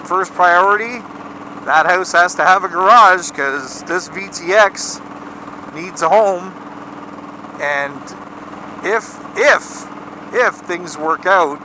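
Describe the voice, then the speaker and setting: A Canadian motorcycle vlogger chats casually outdoors, rambling with lots of fillers and restarts. His voice is a little high, with background noise.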